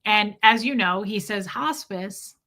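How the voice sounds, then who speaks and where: Bright-voiced woman telling a story to her chat. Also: medium pitch, a little slow. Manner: chatty and emotional, answers chat comments mid-story. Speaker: livestream host. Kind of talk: casual storytelling to a live chat.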